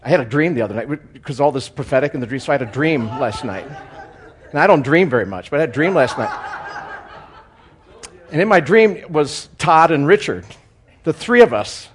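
A man speaking as a guest church speaker, telling a humorous story in a sermon with animated, chuckling delivery. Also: a little high, a little fast, long pauses, husky.

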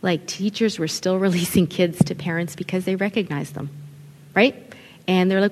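Expressive woman speaking in a big hall. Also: on the low side, moderate pace. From Italian family background. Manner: expressive, conversational, quotes people in acted voices. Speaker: children's ministry leader. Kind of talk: conference talk to ministry leaders. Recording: long hall reverb.

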